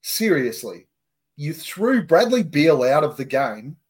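Brief: man, slightly high voice, relaxed podcast host, swears casually. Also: takes it slowly. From Australia. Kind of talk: casual chat.

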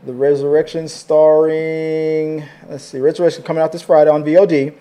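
A man with a somewhat high voice hosts a casual show about upcoming films. He talks in an animated, conversational way and reads viewer comments aloud. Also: moderate pace, smooth. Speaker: show host. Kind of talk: casual entertainment news chat.

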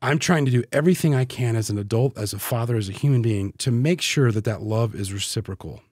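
A man talking on a podcast as a guest, heartfelt and halting, often repeating words as he searches for them. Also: medium pitch, a little mellow, no room sound, studio quality. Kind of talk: casual podcast conversation.

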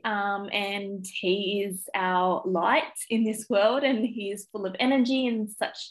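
A woman's voice: mid-range voice, fairly even intonation, slow pace, low-quality recording. Australian woman on a podcast, kinda teary, lots of ums, talking about her family. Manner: emotional, tearful, many fillers. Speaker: guest, primary school teacher. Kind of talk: casual interview chat.

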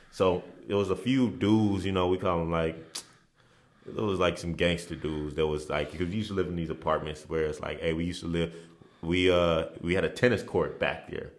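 Very deep-voiced man telling stories. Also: moderate pace. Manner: relaxed, with frequent restarts and repeated phrases. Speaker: interview guest, former basketball player. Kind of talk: casual storytelling in a podcast interview.

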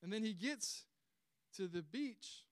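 A man with a Southern accent preaching a sermon, telling the story with animated, acted-out dialogue. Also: sits high, slow, dry recording, studio quality. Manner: animated storytelling, acts out quoted lines. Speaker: pastor.

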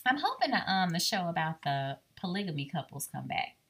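A woman's voice: on the low side, sing-song, fairly quick, a bit bright, breathy edge. A married woman co-hosting a podcast, chatting casually in an easygoing, agreeable way. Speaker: podcast co-host. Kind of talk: casual chat.

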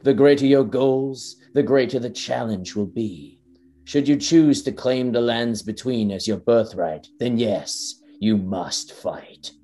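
A podcast co-host with a medium-pitched, dark-toned voice speaks slowly as he reads dramatic trailer narration and chats casually. He stumbles over words and laughs at his own slips.

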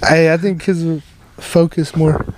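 A man's voice: fairly high pitch, little pitch movement, a little slow, slight background noise, poor audio. A young adult man co-hosting a podcast in casual chat, rambling and swearing with lots of filler words. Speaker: podcast co-host.

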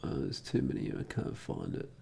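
Man, middle-aged, gravelly, emphatic and indignant solo talk. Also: on the low side, wildly swooping pitch, moderate pace, mellow, a little hiss or hum. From Australia. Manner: indignant, emphatic, repeats words for effect. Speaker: commentator. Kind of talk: casual monologue reading comments.

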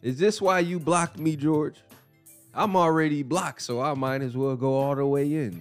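A man hosting a casual boxing commentary podcast, animated and mocking, who laughs often. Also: on the high side, moderate pace, soft background music. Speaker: podcast host.

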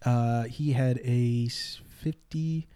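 A man's voice: medium pitch, steady tone, takes it slowly, warm tone, clean tone. A twenty-year-old man, a musician guest on a casual chat, joking and teasing as he talks.

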